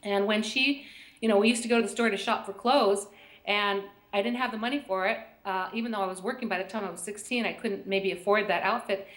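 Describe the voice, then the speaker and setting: A middle-aged American woman, an intuition teacher, chats as a guest on a call-in show, telling stories and laughing often. Her voice is medium-pitched with a steady tone and a fairly quick pace. The recording has an echoey room sound.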